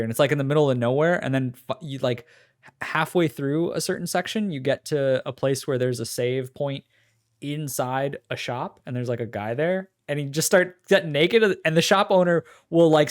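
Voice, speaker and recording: A man's voice: fairly high pitch, animated, a little fast. A man co-hosting a podcast, talking casually and rambling as he recaps game demos with lots of fillers. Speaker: podcast co-host.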